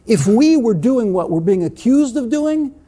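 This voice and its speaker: A man's voice: extremely high pitch, very animated, unhurried, mellow. A man in his sixties with an American accent, speaking firmly and insistently in a TV news interview. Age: 60s. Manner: firm, insistent. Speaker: ambassador interviewed on TV.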